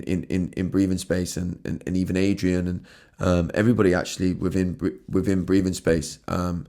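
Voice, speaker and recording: A man's voice: deep voice, mellow. A man hosting his own podcast, talking earnestly and emotionally, often stumbling and restarting his words, with casual swearing. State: emotional, has been crying. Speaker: podcast host. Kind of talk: emotional solo podcast monologue.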